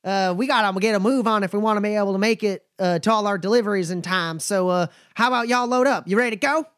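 Guy putting on a high drawly caravan nomad, blunt and wary, dry sound. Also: quick pace, fairly bright tone, clear, resonant tone, dry recording.

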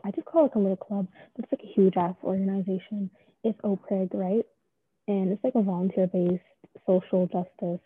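A woman's voice: mid-range voice, husky, dry recording. A young woman in her late teens, chatting casually as an interviewee, rambling with lots of fillers and joking at her own expense. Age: young adult. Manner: rambling, filler-heavy, self-deprecating. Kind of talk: casual chat. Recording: dry tinny phone-like line.

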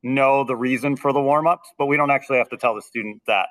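Man, band director, mid-pitched, earnest and explanatory, dry close sound. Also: quick pace, fairly bright tone, no echo, rough recording. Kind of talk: conversational interview.

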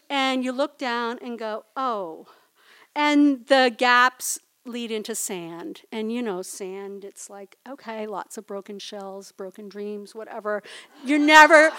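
A woman's voice: a little high, fairly bright tone. A woman telling a personal story at a live storytelling event, in a chatty, conversational way that keeps checking in with the audience.

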